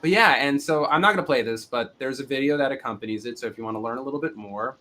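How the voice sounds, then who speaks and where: A man's voice: medium pitch, fast talker, sharp tone. A man hosting a casual guitar demo for a music store, joking and self-deprecating about having to sell the product.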